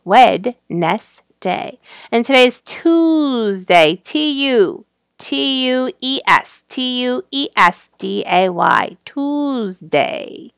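A middle-aged woman teacher giving a slow, sing-song lesson to young children, spelling words out letter by letter. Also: high-pitched, animated, gravelly, a bit bright, clean tone, no echo, clean studio sound.

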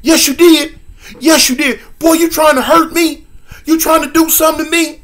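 A man putting on the high, shouting, voice-breaking tone of an enraged, hulking stepfather. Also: steady tone, moderate pace. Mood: accusing.

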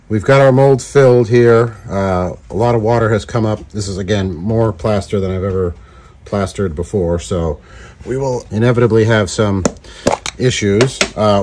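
In a lowish, slightly mellow voice at ordinary speed, a man walks viewers through making fishing lures in a casual DIY video. He jokes freely and leans on playful puns.

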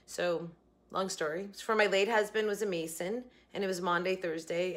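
A woman vlogging in a casual, chatty and rambling way, excitable as she talks to her viewers. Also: medium pitch, normal speed. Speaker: food and bargain vlogger. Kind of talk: casual vlog chat.

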